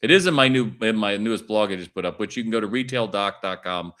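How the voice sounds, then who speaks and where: A man's voice: on the low side, fast talker. A middle-aged man, a retail consultant, chatting as a podcast guest and acting out shop dialogue in his stories. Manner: animated storyteller acting out dialogue. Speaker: retail consultant and keynote speaker.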